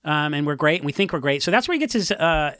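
Punk musician guy, rambling animated stories, bright voice, pitched a bit high. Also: fast, no room sound, clean studio sound. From Orange County, California. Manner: rambling, animated storytelling with acted-out quotes. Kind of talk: casual interview chat.

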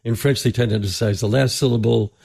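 A man hosting a podcast interview, talking casually with many restarts and throat clearing. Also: medium pitch, fairly even intonation, quick pace, a little mellow, no echo, studio quality. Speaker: podcast host.

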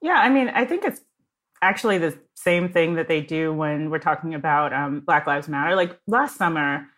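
A woman's voice: low-pitched, expressive, normal speed, fairly bright tone. A woman speaking as a podcast guest, thoughtful and conversational, laying out her views. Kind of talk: casual chat.

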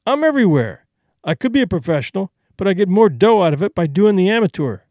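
A man's voice: high-pitched, sing-song, quick pace, darkish tone, no echo. A man voicing a brash young male vaudeville tramp comic who talks in boastful, breezy slang.

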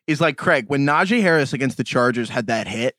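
A man talks fantasy football with friends, his pitch swinging widely as he gets worked up. His voice sits close and dry on the mic. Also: fairly quick, no room sound. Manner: animated, jumps into high mock voices. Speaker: podcast host. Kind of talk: casual chat.

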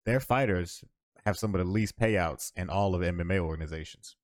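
A man's voice: sits low, brisk, dry recording, clean studio sound. A man co-hosting a podcast, laying out a story at length in casual slang. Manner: laid-back, explains news at length in slang. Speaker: podcast co-host. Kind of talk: casual chat.

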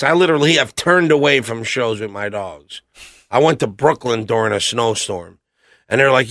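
A man's voice: medium pitch, brisk, fairly bright tone, no room sound, clean studio sound. A middle-aged man, a guest on a podcast, telling rambling, blunt stories and acting out what others said. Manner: blunt, rambling anecdotes with acted-out quotes. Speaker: podcast guest, metal singer. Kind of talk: casual storytelling interview.

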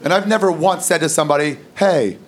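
A man's voice: on the high side, lively intonation, moderate pace, vocal fry, heavy background noise. A man doing a stand-up set, telling a crude, loose story. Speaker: stand-up comedian. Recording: live stand-up with loud crowd laughter.

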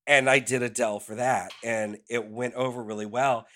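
A man's voice: medium pitch, fairly even intonation, normal speed, bright, forceful tone. A man who performs in drag, talking candidly as a podcast guest and telling stories about himself with self-mocking humor. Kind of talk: casual interview chat.

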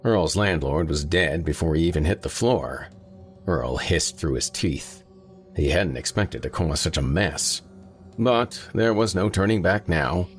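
Brief: male audiobook narrator, rumbling low voice, steady horror reading. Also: unhurried, soft background music.

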